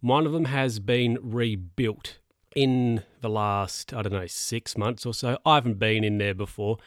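A man's voice: lowish voice, measured pace, no echo, clean studio sound. A man in a casual monologue, rambling through anecdotes in a chatty way and laughing at his own stories.

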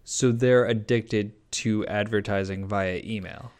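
Lower-voiced man with dry jokes. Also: fairly even intonation, a little slow, a little mellow. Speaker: podcast co-host. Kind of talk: casual comedy advice chat.

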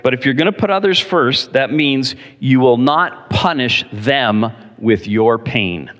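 A male pastor preaching a sermon to his congregation, telling stories in an animated, direct way. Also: mid-range voice, a little slow. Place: church. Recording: long reverb in a large hall.

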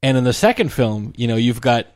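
A man's voice: mid-range voice, sing-song, brisk, darkish tone, dry recording, clean studio sound. A man chatting casually about movies, rambling with lots of fillers and restarts. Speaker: film commentator. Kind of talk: casual film discussion.

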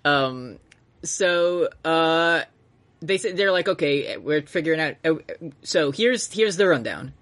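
Man co-host, slightly high voice, loose rambling recap, joking. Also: lively intonation, takes it slowly, a bit bright. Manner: rambling, playful, puts on silly voices. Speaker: podcast co-host. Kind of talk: casual anime recap chat.

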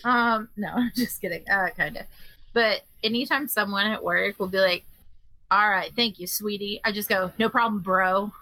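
A woman's voice: medium pitch, normal speed, pushed and bright, poor audio. A young woman co-hosting a podcast, chatting casually and making wry, self-mocking jokes. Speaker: podcast co-host. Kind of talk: casual chat.

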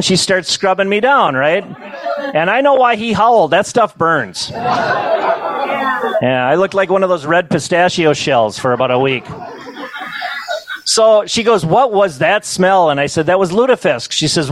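A middle-aged man telling humorous stories to a banquet audience, with a deadpan comic delivery and chuckles. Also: high-pitched, background noise. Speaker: storyteller. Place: banquet hall.

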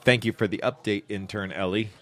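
A man's voice: fairly low pitch, brisk. A man in his thirties co-hosting a podcast, chatting casually and laughing as he tells stories. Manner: laughing, animated storytelling. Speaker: podcast co-host. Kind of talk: casual chat.

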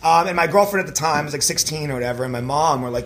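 Fast-talking young man, high voice. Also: a little hiss or hum. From Canada. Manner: animated, swearing, many fillers. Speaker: actor telling his story. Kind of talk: casual storytelling chat.

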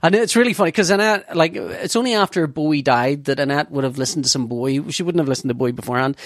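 A man telling an animated story in casual chat, laughing and swearing freely. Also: on the high side, fast, dry recording, studio quality.

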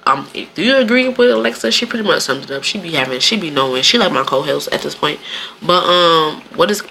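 A woman from Michigan co-hosts a laid-back podcast, talking with a lot of laughter. Her voice swoops up and down and has a clear, bright edge. She acts out everyday greetings with playful put-on voices. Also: low voice, animated, brisk, slight background noise. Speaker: podcast co-host. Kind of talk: casual podcast chat.

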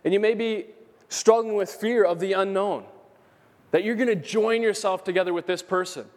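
A male pastor delivers a sermon, pressing his points home by repeating them and reading scripture passages aloud. His voice sits high for a man. The recording carries the long reverb of a church sanctuary. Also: moderate pace, a little mellow. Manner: preaches with emphatic repetition, quotes scripture aloud.

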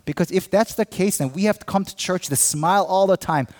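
A man's voice: high voice, fairly quick, a little mellow, in a large hall. A man pastor preaching a sermon earnestly, acting out quoted believers with a raised voice.

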